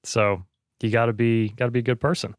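A man's voice: mid-range voice, flat delivery, fairly quick, clear, resonant tone, no room sound. Earnest podcast guy, lots of likes and you knows, dry close mic. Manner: earnest, many fillers. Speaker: podcast host, guest. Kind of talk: casual conversation.

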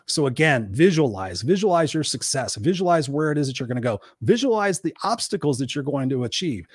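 A man working as a life coach, telling a motivational story in an animated, casual way with some swearing. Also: on the high side, a little fast, breathy edge, dry recording, studio quality. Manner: animated retelling with repeated quotes, casual swearing.

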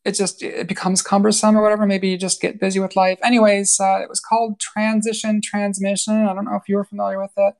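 Woman from new york, podcast guest, gravelly voice, earnest and emotional, lots of restarts. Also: medium pitch, flat delivery, quick pace, hardly any pauses, darkish tone. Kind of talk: candid personal interview.

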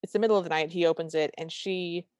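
A woman's voice: on the low side, fairly even intonation, quick pace, darkish tone, dry recording. A woman co-hosting a podcast, recapping a movie in casual chat with dry, wry humor. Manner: dry, wry storytelling with quoted lines. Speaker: podcast co-host.

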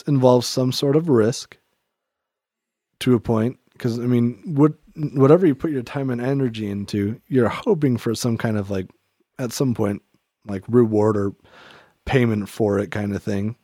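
A man muses aloud in a relaxed conversation about faith, wandering through his points with lots of "like" and half-finished starts. His voice sits at an ordinary middle pitch, and the recording is close and dry with no room sound. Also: a little slow, dry recording. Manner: rambling, reflective, heavy on "like" and restarts. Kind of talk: casual faith-themed chat.

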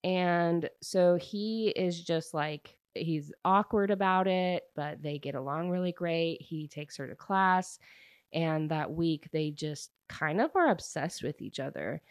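A young woman talks through a novel's plot for her audience, rambling and full of fillers as she goes. Her voice sits low, and the recording is close and dry with no room sound. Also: slow pace, smooth, no room sound. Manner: chatty, rambling, many fillers and restarts. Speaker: book reviewer. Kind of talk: casual plot recap.

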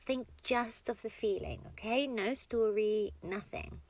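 A woman speaks in a whispered role-play as a tender, comforting partner, coaxing the listener along with little giggles. Her pace is slow and unhurried, and her voice carries a light vocal fry. She slips between soft speech and breathy whispers. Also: medium pitch, lively intonation, dry recording.

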